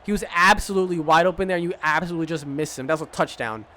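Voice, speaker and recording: A man's voice: fairly high pitch, very fast, sharp tone, a little hiss or hum. A man streaming a football video game, giving casual play-by-play commentary full of trash talk and swearing. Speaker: gaming streamer.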